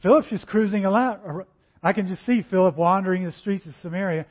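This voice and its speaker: Higher-voiced male preacher, lo-fi recording. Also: fairly quick. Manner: acts out dialogues in varied voices. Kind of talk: sermon. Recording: dull lo-fi recording.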